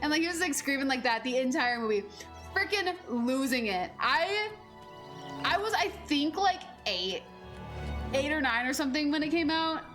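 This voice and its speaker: A woman in her twenties chats casually while she plays, rambling through stories with plenty of fillers and casual swearing. Her voice sits high. Faint game music runs under her talk. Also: moderate pace. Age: 20s. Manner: rambling and animated, heavy on fillers, swears freely. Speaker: game streamer. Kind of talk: casual gameplay chat.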